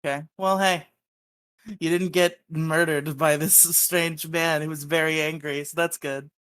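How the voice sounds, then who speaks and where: A young adult co-host talks in an easy, relaxed way on a podcast. The talk is playful and encouraging, and the delivery stays loose. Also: mid-range voice, measured pace, clean tone. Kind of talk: casual chat.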